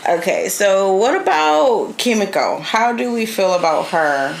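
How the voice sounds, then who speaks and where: A woman's voice: medium pitch, unhurried, creaky, slight background noise, poor audio. A woman co-hosting a podcast, chatting expressively about a TV show. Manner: expressive, laughs often. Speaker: podcast co-host. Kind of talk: casual review chat.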